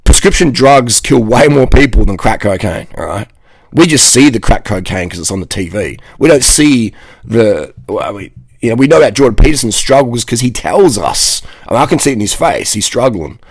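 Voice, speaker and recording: A man's voice: mid-range voice, lively intonation, moderate pace, husky, no room sound. A man, ranting casually to camera in a blunt, rambling, profane way. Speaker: vlogger.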